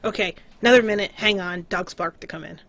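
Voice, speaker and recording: A woman's voice: fairly low pitch, fast talker, fairly bright tone. Woman running a tabletop game, casual and loose, lots of ums. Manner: casual, loose, with frequent fillers. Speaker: game master.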